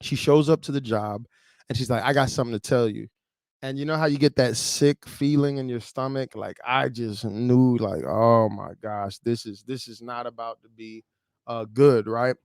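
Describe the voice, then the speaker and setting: A man's voice: medium pitch, normal speed, a little mellow, dry recording. Man telling a heartfelt story, close and dry. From Chicago. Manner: emotional, conversational, many fillers. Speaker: livestream host. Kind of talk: casual storytelling.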